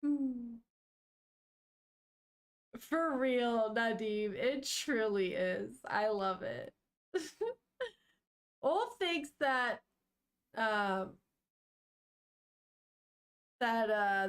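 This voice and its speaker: A woman's voice: a little high, takes it slowly, pauses often. A woman streamer reading a manga aloud and chatting casually with her viewers, laughing often and swearing now and then.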